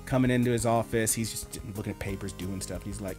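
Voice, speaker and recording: A man co-hosting an anime podcast, telling stories in an animated, swearing, casual way. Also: on the low side, quick pace, over music. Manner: animated storyteller, swears a lot. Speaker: podcast co-host. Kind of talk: casual chat.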